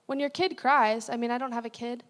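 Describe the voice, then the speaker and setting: A woman's voice: a little high, fairly even intonation, brisk. A young adult woman, a guest speaker, preaching a sermon in a conversational, candid way with frequent asides and self-corrections. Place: church sanctuary. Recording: long hall reverb.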